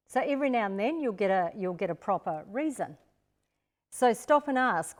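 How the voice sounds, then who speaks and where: An older Australian woman presents a live-streamed parenting seminar, speaking practically and directly to parents and acting out what to say to children. Her mid-range voice is animated and moves at a moderate pace.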